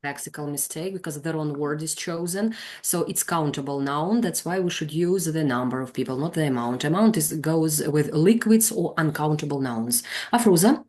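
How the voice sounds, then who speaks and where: Speaking in a low pitch at a normal pace with few pauses, this woman runs an English teaching class online. She gently corrects trainees as she calls on each one and walks them through their errors.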